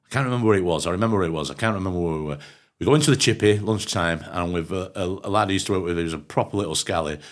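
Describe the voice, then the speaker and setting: A man's voice: sits low, very fast. A man with a Lancashire accent, co-hosting a podcast in casual pub-style chat, telling rambling stories full of swearing. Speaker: podcast co-host.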